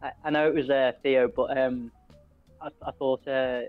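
A man's voice: medium pitch, little pitch movement, normal speed, no room sound, phone-quality sound, soft background music. A man co-hosting a casual chat show, rambling and swearing a lot, laughing often. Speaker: podcast co-host.

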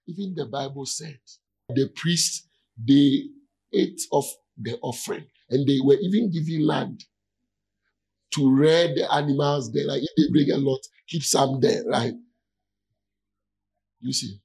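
A pastor preaching in an easygoing, conversational way, stopping often to ask whether his listeners follow. His voice is heavily gravelly with a husky edge. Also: a little high, a little slow, pauses often, darkish tone, low-quality recording. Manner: keeps checking in with listeners. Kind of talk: conversational sermon.

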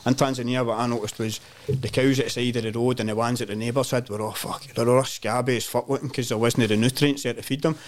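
A Scottish man, a podcast guest, telling animated, sweary travel anecdotes in casual chat, peppered with "mate" and "man". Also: mid-range voice, fast.

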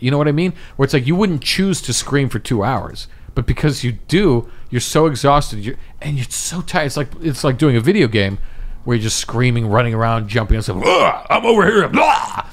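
A man on a comedy podcast who keeps slipping into impressions and silly character voices mid-sentence, and often laughs. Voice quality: voice can drop low and smoky. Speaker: impressionist and voice actor guest. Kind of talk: casual podcast chat with impressions.

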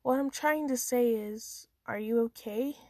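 A woman voicing a formal, concerned female college chancellor who speaks gently and probingly in a storybook reading. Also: on the high side, unhurried, no echo, studio quality.

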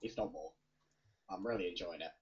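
A young man co-hosting a casual chat, easygoing and chatty with a husky voice. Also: sits low, fairly quick. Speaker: podcast co-host. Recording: lo-fi muffled audio.

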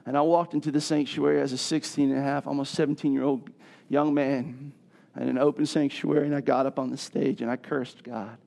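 A middle-aged man preaching a sermon, telling a personal story and building to loud, emphatic passages. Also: on the high side, flat delivery, a little fast, gravelly. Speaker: pastor.

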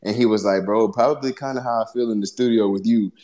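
A man, a guest musician, talking casually about his music in a reflective, halting way. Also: lowish voice, dark tone. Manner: reflective, halting, searching for words. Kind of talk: casual conversation.

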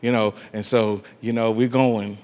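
A man preaching a sermon and telling a personal story, emphatic and animated, calling out to the congregation for amens. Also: lowish voice, measured pace, big-room sound. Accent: African American church preaching. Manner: emphatic and animated, calls "amen" and "come on" to the congregation.

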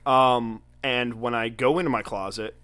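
A man's voice: medium pitch, normal speed. A young man from Pennsylvania co-hosting a casual podcast, joking and swearing in loose banter with his friend. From Pennsylvania, USA. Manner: joking, profane, lively banter. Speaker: podcast co-host.

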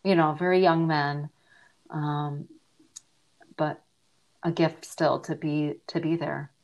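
Low-pitched and flat, a little mellow, and slow, this middle-aged woman speaks as a podcast interview guest who advocates around grief. Her personal story comes out earnest and reflective, with her voice sinking at times to a near-whisper.

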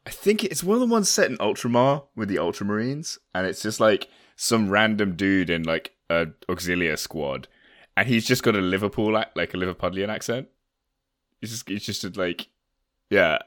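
A young man chatting on a hobby podcast, his low voice swinging up and down with a lively, bright edge. He rambles cheerfully through fillers and breaks into laughs often. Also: moderate pace. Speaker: podcast co-host. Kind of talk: casual chat.

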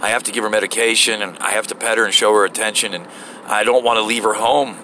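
A man's voice: on the low side, steady tone, sharp tone, slight background noise, poor audio. A man doing a rambling, oblivious young job applicant. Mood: earnest. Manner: halting, filler-heavy, stumbling over words.

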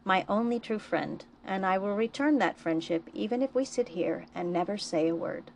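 Reader-voiced figure: woman doing calm, coaxing male friend, faint gravel. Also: medium pitch, moderate pace, a little hiss or hum. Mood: earnest.

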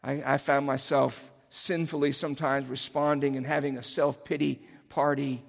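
A man's voice: mid-range voice, flat delivery, moderate pace, vocal fry, long reverb tail. A man preaching a sermon as a pastor, speaking earnestly and rising to emphatic cries on key phrases.

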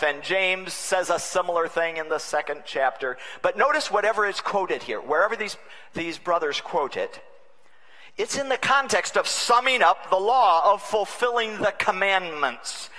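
A man preaching a sermon as a bishop, wry and humorous, swinging between loud and hushed delivery. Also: high-pitched. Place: large conference hall. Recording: long reverb of a large conference hall.

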